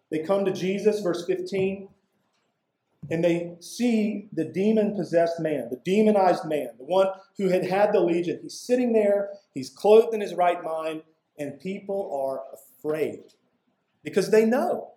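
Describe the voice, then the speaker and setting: A male pastor preaching an expository sermon in a conversational way, with casual asides and emphatic pauses, recorded in a church sanctuary. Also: high-pitched, expressive, mellow. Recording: echoey room.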